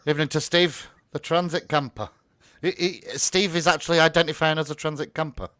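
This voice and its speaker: A man's voice: a little high, steady tone, fairly quick, sharp tone. A man hosting a casual live chat, joking, swearing and laughing often. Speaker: host.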